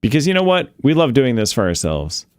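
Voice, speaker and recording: A man's voice: mid-range voice, very animated, brisk, a little mellow, clear, resonant tone, dry recording, studio quality. A man who produces a podcast, chatting wryly about the show's history with the hosts. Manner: chatty, wry storyteller. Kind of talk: casual podcast chat.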